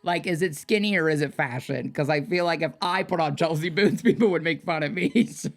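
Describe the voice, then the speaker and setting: A young man co-hosting a podcast in casual chat, giggly and self-mocking, with quick asides. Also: on the high side, huge pitch swings, soft background music. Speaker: podcast co-host.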